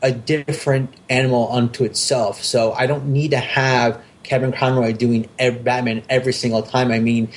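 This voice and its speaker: A man's voice: mid-range voice, level tone, normal speed, hardly any pauses. A man talking casually on a podcast, enthusiastic and rambling, with many restarts and fillers. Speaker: podcast host.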